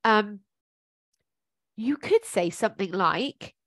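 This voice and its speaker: Woman, life coach, casual encouraging advice, frequent ums, mid pitch, dry close sound. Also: animated, slow pace, fairly bright tone, dry recording. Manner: chatty and encouraging, thinks aloud with many ums. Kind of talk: informal coaching talk.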